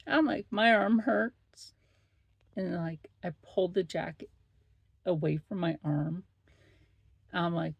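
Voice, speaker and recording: Slow, gravelly middle-aged woman vlogging. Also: on the low side, no echo. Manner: chatty, blunt, swears freely. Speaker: vlog host. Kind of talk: casual chat.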